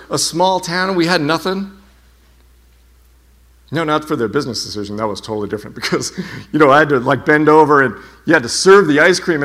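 Male pastor, sermon, lively and funny storyteller, fairly high voice. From United States. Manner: animated storytelling with humor.

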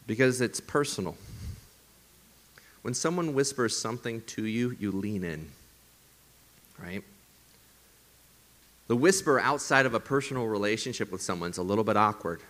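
A man with a fairly low voice preaches a sermon to his congregation and to viewers at home. His delivery swings from emphatic lines to soft, breathy near-whispers. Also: animated, moderate pace, long pauses. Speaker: pastor. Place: church service streamed to viewers at home.

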